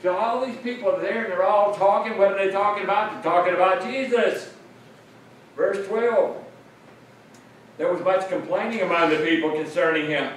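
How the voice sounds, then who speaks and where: A man's voice: sits high, steady tone, moderate pace. A man preaching a sermon, explaining a passage earnestly and repeating phrases for emphasis. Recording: very echoey room, mic at a distance, faint noise.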